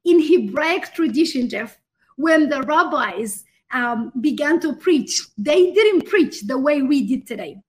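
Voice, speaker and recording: A woman's voice: high voice, animated, unhurried. A woman guest minister answering in an interview with a fervent, emphatic preaching manner, speaking straight to the host.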